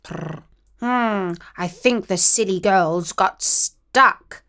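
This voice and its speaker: A woman voicing a grumpy male cat who scolds slowly and reproachfully. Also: mid-range voice, sharp tone, full character voice. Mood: musing.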